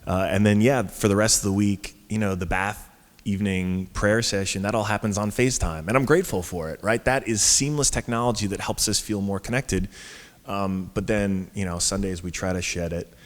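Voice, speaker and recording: A man's voice: on the low side, a little fast. Chatty man telling stories on a stage. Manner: chatty, lots of fillers and restarts, laughs at his own story. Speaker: panel guest. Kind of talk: casual onstage storytelling. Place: conference stage before an audience. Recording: hall reverb from a live stage.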